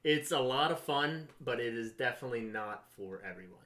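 A man talking as a podcast guest, laid-back and halting, swearing casually. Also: mid-range voice, expressive, fairly bright tone.

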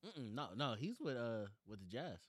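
A young man co-hosting a casual sports chat, relaxed, asking questions and steering the talk. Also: mid-range voice, moderate pace, slightly rough, no echo, clean studio sound. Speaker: podcast co-host.

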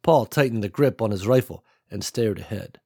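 A man narrating an action audiobook in a measured, dramatic way. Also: on the low side, lively intonation, vocal fry, mellow, no room sound, studio quality.

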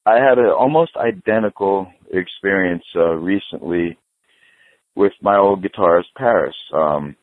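A man's voice: low-pitched, measured pace, no room sound. A middle-aged man and punk musician, casually telling a profane story and acting out the dialogue. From New York. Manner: profane, animated storyteller who acts out dialogue. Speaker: guest, hardcore punk musician. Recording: phone-like dry remote audio.

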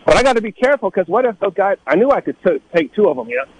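A middle-aged man from Northern California in a casual storytelling talk, animated, acting out the people he quotes in a higher voice. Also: very fast, dull audio, slight background noise. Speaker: guest telling life stories.

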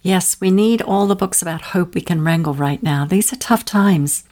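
A woman's voice: fairly low pitch, normal speed, darkish tone. A woman hosting an interview, asking questions and reacting in a friendly, encouraging way. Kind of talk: casual interview.

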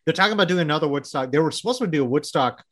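A man from Texas with a Texan accent, hosting a casual interview and firing off quick questions, laughing often. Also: fairly high pitch, animated, a bit bright, no room sound, studio quality. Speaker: podcast host.

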